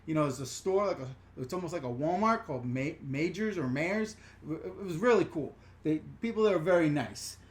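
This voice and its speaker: Live Q&A host from the New York or New Jersey area, mid-pitched, rambling and chatty, greets commenters loudly. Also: animated, brisk, few pauses. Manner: chatty, rambling, reads viewer comments aloud with bright greetings. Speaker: channel host answering viewer questions. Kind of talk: casual live-stream Q&A.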